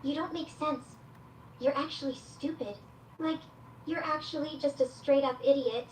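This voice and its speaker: A fairly quick, high-leaning female voice with a steady tone and slight hiss, acted with a light touch. She plays a female AI chatbot companion who speaks her own stage directions aloud before each exasperated reply. The sound is echoey, coming from a room speaker and captured from a distance by a security camera.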